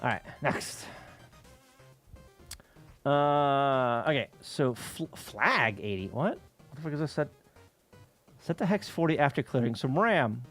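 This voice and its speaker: A man's voice: medium pitch, animated, slow pace, long pauses, a bit bright, faint music behind. A man live-streaming while reverse engineering game code, chatting casually and rambling, with frequent swearing, laughter and restarts.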